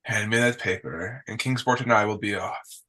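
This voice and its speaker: A man voicing a stern male master figure in a tabletop game who talks slowly and makes threats. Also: on the low side, sharp tone, poor audio. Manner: slow, measured and threatening.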